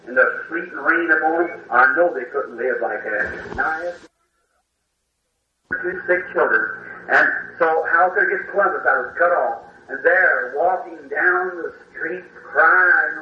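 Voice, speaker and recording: A man preaches a heartfelt sermon testimony in plain country speech, his voice pitched a little high. He sits back from the microphone in a hall that echoes around him, and the old recording sounds dull. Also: far from the mic. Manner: emotional folksy storytelling, plain country grammar.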